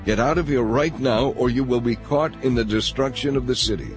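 A man's voice: mid-range voice, brisk, music in the background, voice pushed up, natural voice. A man reading the commands of heavenly messengers in an urgent, firm tone.

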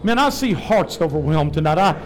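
A high-voiced man leads a church revival. He preaches fervently, then drops to gentle asides and prayer. Faint music plays in the sanctuary behind him. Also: sing-song, moderate pace. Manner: fervent, swings from loud preaching to soft personal asides. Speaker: pastor leading a revival service. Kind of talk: revival sermon and altar prayer.

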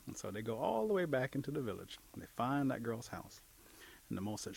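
Man, husky voice, spoken storytelling, animated, does voices for characters. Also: mid-range voice, quick pace. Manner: lively, acts out characters' voices. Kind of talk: oral storytelling.

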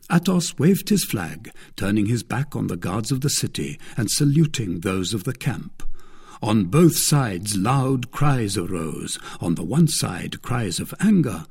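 A man narrating an audiobook in an expressive, animated reading. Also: lowish voice, vocal fry, slightly rough.

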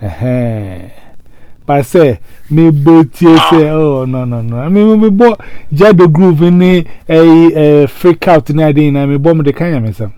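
A man hosting a casual chat, animated, with frequent exclamations. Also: fairly high pitch, moderate pace, clean tone. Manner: animated, mixing English and local language, frequent exclamations.

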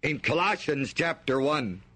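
A man's voice: fairly high pitch, animated, measured pace, pushed and bright. A male preacher delivering an emphatic sermon, reading scripture aloud and drawing the congregation in with questions.

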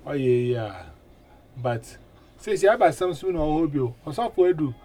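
Guy hosting a radio chat, kinda high voice, says eh a lot and repeats himself. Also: moderate pace. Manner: animated, with frequent 'eh' fillers and repeated words. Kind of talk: casual chat in mixed languages.

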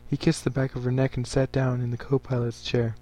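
A man reading a story aloud for a podcast in a steady, even manner. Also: medium pitch, a little fast.

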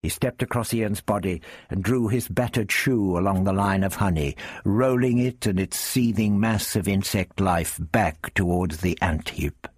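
A man narrating an adventure story with steady, tense delivery. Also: low-pitched, unhurried, few pauses, husky, no room sound, studio quality. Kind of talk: audiobook reading of an adventure story.

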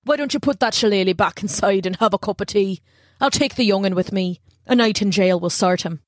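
A woman's voice: medium pitch, brisk, dry recording, studio quality, close to an everyday voice. A woman doing a jovial bearded village constable. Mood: calm. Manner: folksy, easygoing country speech.

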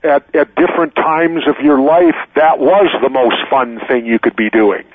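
A man's voice: a little high, moderate pace, a little hiss or hum. A man in his sixties, a guest in an interview, telling stories casually with frequent restarts. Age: 60s. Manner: loose storytelling with frequent restarts. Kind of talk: casual interview over the phone. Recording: tinny dry phone line.

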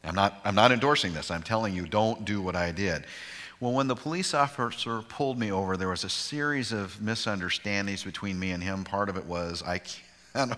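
Deep-voiced pastor in a reverberant church. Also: male voice, pushed and bright. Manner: informal, digressive, self-deprecating humor. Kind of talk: conversational bible study teaching.

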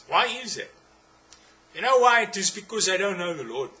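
A man's voice: high voice, sing-song, normal speed, sharp tone. A man with a South African accent preaching a sermon, emphatic and repetitive, firing rhetorical questions at his listeners.

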